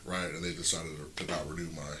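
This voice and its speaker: A man's voice: very deep voice, flat delivery, quick pace, sharp tone. A man telling long, profane stories as a podcast guest, rambling and often laughing. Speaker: podcast guest, pro wrestler. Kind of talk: casual storytelling chat. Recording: noisy background.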